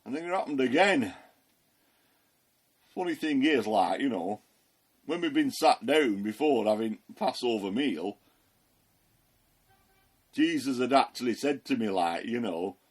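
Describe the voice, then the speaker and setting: A man's voice: mid-range voice, lively intonation, a little slow, pauses often. A man playing homely Peter. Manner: chatty, folksy, fillers and chuckles. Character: the apostle Peter, plain-spoken working fisherman. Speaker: Christian ministry performer. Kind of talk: first-person storytelling monologue.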